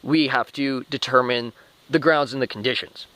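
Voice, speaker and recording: A man's voice: medium pitch, steady tone, moderate pace, sharp tone, low-quality recording. A man talking through a rambling spoken monologue, restarting often and swearing casually. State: short of breath.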